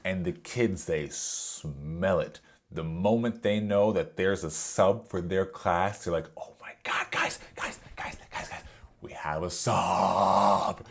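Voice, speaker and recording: A man who works as a substitute teacher, telling a classroom story in an animated way, acting out the dialogue and using lots of fillers. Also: sits low. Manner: animated retelling, acts out dialogue, many fillers. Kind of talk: storytime vlog.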